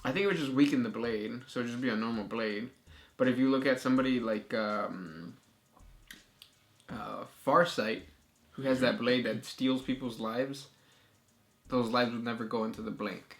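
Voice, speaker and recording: A young man co-hosting a casual chat, reading out viewer questions in a relaxed, agreeable way. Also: medium pitch, moderate pace.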